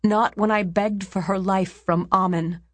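A woman's voice: on the low side, animated, slow pace, creaky, a little mellow, breathy edge, dry recording, heavily acted. Woman putting on a harsh old priestess. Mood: scornful. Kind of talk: audiobook character voice.

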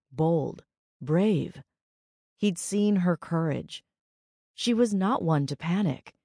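A woman reads an audiobook from a script, telling the story in a steady, measured way. Her voice is low, and the studio recording is clean with no echo.

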